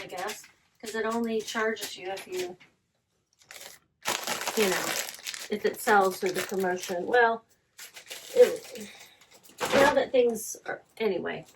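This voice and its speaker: A woman talks through her recent resale sales in an easy, conversational way. She often stops to correct herself mid-sentence and reads titles and prices aloud. Her pitch is in a middle range for a woman. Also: a little hiss or hum. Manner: chatty, self-correcting, reads listing details aloud. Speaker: online reseller. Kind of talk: casual selling vlog.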